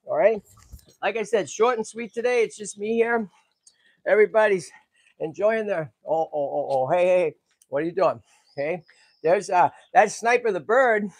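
Excitable chatty man, fairly high voice. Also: dry recording. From Boston area. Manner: chatty, excitable, talks to animals and viewers. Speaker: tortoise sanctuary host. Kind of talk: casual walk-and-talk vlog.

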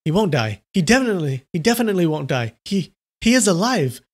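A man voicing a shy, gentle young nun in a live novel reading. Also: sits high, sing-song, fast talker, husky, voice pushed up, exaggerated voice. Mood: insistent.

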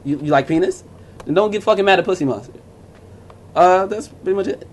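A man's voice: high-pitched, a little fast, a little hiss or hum. A young man vlogging to camera in a casual, profane rant, blunt and mocking as he talks over music and forum posts.

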